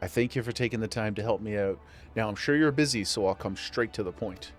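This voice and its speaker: A man voicing a gruff male tavern keeper with a clumsy put-on rough dockside accent, reading game dialogue aloud. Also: lowish voice, fairly quick, faint music behind, natural voice.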